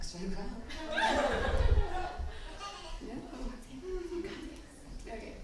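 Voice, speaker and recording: A woman's voice: mid-range voice, noisy background. A young woman giving a bridesmaid speech, tearful and giggly, filling her speech with "like.". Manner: tearful, giggly, many 'like' fillers. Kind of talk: emotional wedding speech. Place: wedding reception hall. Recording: echoey hall, distant mic.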